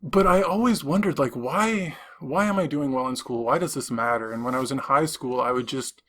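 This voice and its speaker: A man's voice: mid-range voice, brisk, fairly bright tone. A young man from Canada, co-hosting a podcast in casual chat, rambling through stories with many restarts. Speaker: podcast co-host.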